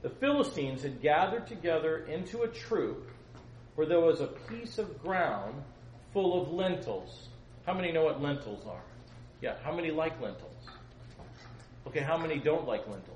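A man preaching in an echoey church hall, with a lively, swooping voice pitched a little high. He jokes with the young people listening and swings from loud outbursts to quiet asides. Faint room noise hangs behind him. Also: moderate pace. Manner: animated, joking, swings between loud and soft. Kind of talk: sermon to a youth congregation.

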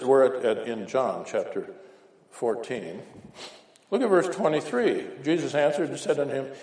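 A man's voice: mid-range voice, darkish tone. A man preaching an informal, folksy sermon with homespun anecdotes, often checking in with "right?". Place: church hall. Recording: echoey hall recording.

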